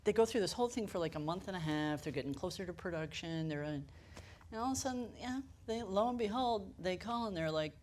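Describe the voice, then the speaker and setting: A woman's voice: fairly low pitch, animated, fast, a little mellow, slight background noise. A woman who manages a camera rental house tells stories on a panel, acting out the quoted lines and laughing often. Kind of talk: panel discussion storytelling.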